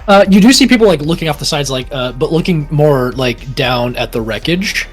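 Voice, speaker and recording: A man's voice: on the high side, animated, a little fast, faint music behind. A man narrating as dungeon master in a tabletop game, rambling with lots of fillers. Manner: rambling, full of fillers and hedges.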